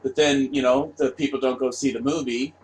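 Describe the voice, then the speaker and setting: A man's voice: medium pitch, steady tone, fairly quick. Brief: a man ranting on camera, sarcastic and crude, repeating words over and over. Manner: profane, repetitive, sarcastic. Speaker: vlogger. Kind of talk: casual rant.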